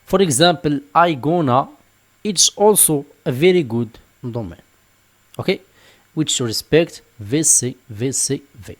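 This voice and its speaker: Guy doing a screen tutorial, kinda high voice, keeps saying for example. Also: lively intonation, a little slow. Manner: explanatory, repeats "for example" and "just like this". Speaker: online tutorial instructor. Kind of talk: screen-recorded tutorial walkthrough.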